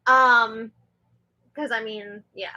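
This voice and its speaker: A woman's voice: fairly high pitch, fairly even intonation, slow pace, bright, forceful tone, highs cut off. A young woman hosting a livestream and reading viewer comments in a chatty, giggly way, with a sore throat. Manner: chatty, giggly, filler-heavy. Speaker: show host.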